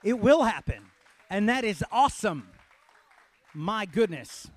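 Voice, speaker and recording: A man preaching a sermon in church, calling on the congregation to shout and swinging from hushed lines to loud ones. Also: high voice, very animated, a little slow, some chatter behind. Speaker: pastor.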